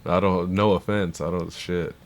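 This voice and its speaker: Deep-voiced laid-back stream host. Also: male voice, steady tone, moderate pace, a little hiss or hum. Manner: laid-back, profane, rambling with restarts. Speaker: livestream host reacting to rap submissions. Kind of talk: casual livestream commentary.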